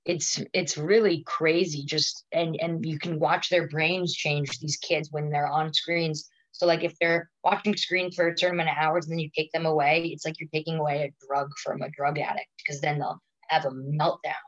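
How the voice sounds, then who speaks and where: A woman's voice: sits low, little pitch movement, moderate pace, hardly any pauses, no room sound, lo-fi sound. A woman in her thirties, a comedian guest telling stories in casual podcast chat, rambling and full of "like". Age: 30s. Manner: rambling storyteller, filler-heavy "like".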